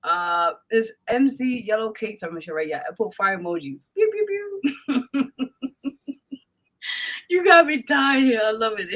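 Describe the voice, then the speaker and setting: A woman's voice: fairly high pitch, expressive, unhurried, pauses often, a bit bright. A woman hosting a live radio show, reading out viewers' comments and laughing a lot. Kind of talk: casual live show chat.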